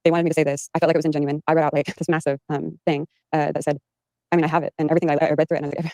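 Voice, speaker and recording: A woman's voice: deep voice, flat delivery, very fast, a little mellow, no echo, rough recording. A woman giving an interview, rambling with many fillers and restarts. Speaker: interview guest. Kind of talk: recounting in an interview. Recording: played from an archived interview.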